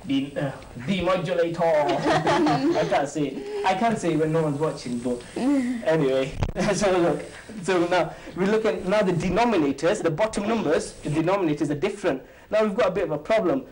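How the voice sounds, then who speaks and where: A man teaching maths in a chatty, jokey way, firing quick questions at a small group of students and walking them through each step on a board. His voice sits a little high for a man. A faint hum of noise runs under the room. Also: expressive, a little mellow, rough recording. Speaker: maths teacher and show host. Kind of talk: informal maths lesson with students.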